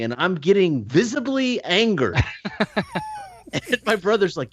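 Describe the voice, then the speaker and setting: Casting note: man, podcast co-host, expressive storyteller, pitch all over, dry slightly muffled mic. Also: moderate pace, no echo. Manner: animated storyteller, acts out voices and laughs. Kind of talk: casual storytelling chat.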